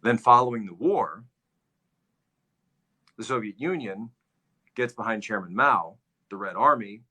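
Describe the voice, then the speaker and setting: Male commentary host: low-pitched, forceful delivery, lecturing with emphatic repetition. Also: lively intonation, measured pace, husky. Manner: emphatic, repeats phrases for stress. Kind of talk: livestream commentary, history lecture.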